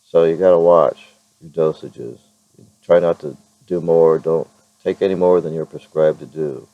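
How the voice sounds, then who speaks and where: A man's voice: very deep voice, steady tone, normal speed, highs cut off. A man talking casually to his camera in a rambling vlog, often restarting his sentences and chuckling. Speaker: vlogger.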